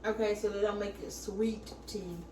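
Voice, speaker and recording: A woman's voice: mid-range voice, level tone, normal speed. A young woman, teasing her partner in casual kitchen chat. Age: young adult. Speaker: vlog co-host. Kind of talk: casual chat while cooking. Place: home kitchen. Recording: echoey room, distant mic, faint noise.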